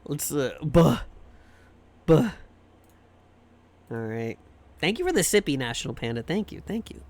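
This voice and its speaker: A man's voice: fairly high pitch, very animated, measured pace, a little mellow. A man streaming a game live, chatting in a rambling, jokey and crude way. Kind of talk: casual gaming stream chat.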